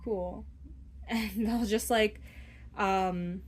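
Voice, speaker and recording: A young woman talks through a casual tarot reading in a chatty, meandering way. She keeps checking in with the listener and slips into little voiced snippets of what someone might be thinking. Her voice sits at an ordinary middle pitch. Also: normal speed, a little hiss or hum. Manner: chatty, rambling, often asks "okay?"; acts out imagined inner voices. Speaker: tarot reader.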